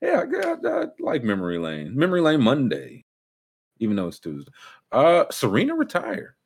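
A man co-hosting a casual chat, telling animated, slangy stories and acting out what other people said. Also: mid-range voice, normal speed, slightly rough. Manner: animated storyteller, slangy, acts out quotes in voices.

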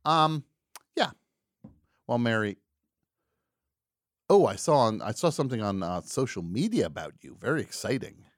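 A man's voice: medium pitch, sing-song, moderate pace, pauses often, no room sound, studio quality. A man hosting a call-in talk show, chatting casually with rambling, jokey asides.

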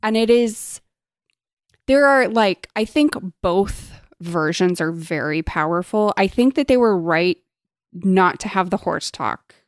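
A woman co-hosting a casual chat, expressive and enthusiastic, swearing freely. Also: medium pitch, takes it slowly, no room sound, clean studio sound.

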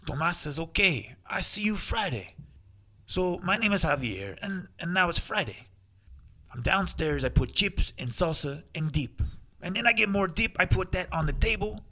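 A man putting on an excitable Spanish-accented party host. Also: sits high, voice pushed up, full character voice. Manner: animated, comic storytelling.

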